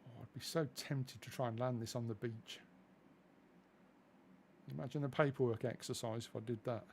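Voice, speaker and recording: A man's voice: mid-range voice, steady tone, normal speed, darkish tone, a little hiss or hum. A man from England chatting casually through a flight simulator live stream, self-deprecating and easily distracted.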